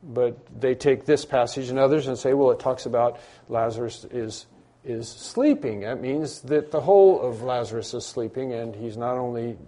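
Emphatic man preaching, mellow voice. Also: mid-range voice. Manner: emphatic, repeats key phrases, acts out imagined dialogue. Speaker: pastor. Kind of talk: sermon. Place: church room with congregation.

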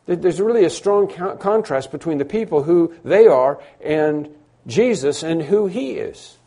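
Man preaching a sermon, mellow tone, kinda high, lots of repeating for emphasis. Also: animated, normal speed. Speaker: pastor.

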